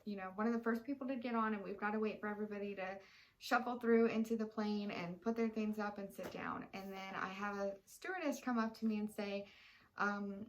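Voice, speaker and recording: A woman's voice: medium pitch, a little fast, slight background noise, rough recording. A young woman in casual chat, a chatty storyteller with many fillers. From Texas. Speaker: co-host.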